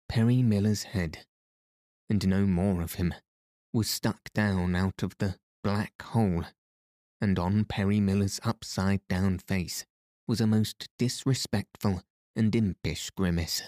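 Low slow guy reading an audiobook, dry close sound. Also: steady tone, a little mellow, no room sound. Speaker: audiobook narrator. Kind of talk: scripted narration.

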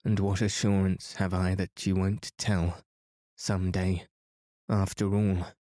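A man's voice: deep voice, level tone, takes it slowly, dark tone, no echo, studio quality. Man reading as a sulky, scheming schoolgirl. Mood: sullen pleading. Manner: pleading and sullen.

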